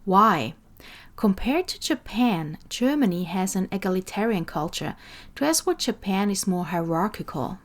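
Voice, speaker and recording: A woman's voice: mid-range voice, expressive, moderate pace. A woman with an Austrian accent hosting an interview podcast, asking questions and explaining directly through worked examples. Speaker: podcast host. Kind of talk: conversational interview.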